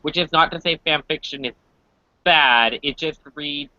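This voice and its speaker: A man's voice: fairly high pitch, a little slow, bright, forceful tone, dry recording. A man co-hosting a podcast, making sardonic remarks in casual movie chat. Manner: sardonic quips and asides. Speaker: podcast co-host. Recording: dull lo-fi podcast audio.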